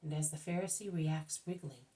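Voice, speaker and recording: A woman reading a religious book aloud in a steady, measured way. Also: deep voice, recorded from a distance, rough recording. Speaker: reader.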